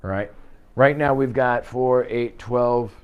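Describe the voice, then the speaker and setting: A man's smooth, mid-range voice moves at a slow pace as he trains real estate agents in an office, in a live class talk. He speaks in punchy bursts with rhetorical questions and "okay?" check-ins. The recording sounds muffled.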